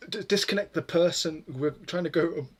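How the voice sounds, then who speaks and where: A man's voice: a little high, moderate pace, crowd noise. A man chatting loosely as he codes live on stream, swearing freely and poking fun at himself. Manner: rambling, swears freely, self-deprecating. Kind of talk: casual stream chatter while coding.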